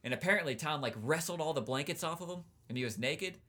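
A young man in casual, profane podcast chat, animated and quick to laugh. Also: a little high, breathy edge.

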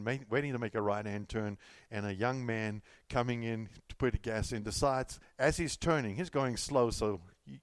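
The speaker is a middle-aged pastor from California whose sermon feels loose and conversational, built on stories with repetitions and asides along the way. His voice is medium-pitched, and the recording is dry.

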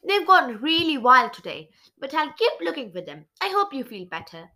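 A woman reading a storybook aloud, voicing a brisk, quick-tempered heroine. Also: high-pitched, very animated, pushed and bright, heavily acted. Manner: brisk, exasperated.

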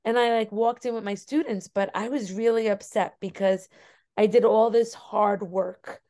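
A woman's voice: mid-range voice, steady tone, normal speed, mellow. A young adult woman teacher, a podcast guest, telling a personal story earnestly with many fillers. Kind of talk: casual interview conversation.

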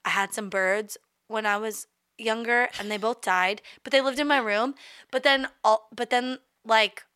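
A woman's voice: on the high side, steady tone, unhurried, sharp tone, clean tone, no room sound, clean studio sound. A young woman co-hosting a podcast, chatting casually, rambling and swearing freely. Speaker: podcast co-host. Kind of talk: casual chat.

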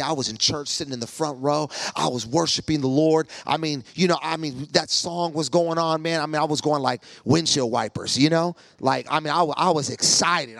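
A man preaching with comic stories, acting out each voice and stammering when he gets excited. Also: mid-range voice, creaky, no echo. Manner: animated, acts out every voice in his stories. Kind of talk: comic storytelling sermon.

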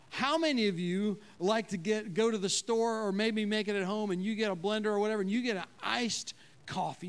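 A man preaching a sermon as pastor, in a conversational way, asking the congregation questions and dropping to a low, quiet voice when he quotes God.

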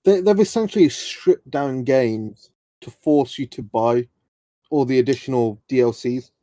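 Dark-voiced young man, blunt and swearing. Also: medium pitch, a little slow, dry recording. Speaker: podcast co-host. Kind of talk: casual chat.

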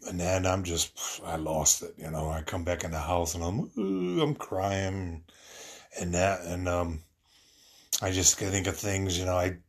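Deep-voiced man telling an emotional story. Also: measured pace. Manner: rambling, filler-heavy, earnest. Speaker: husband telling a personal story.

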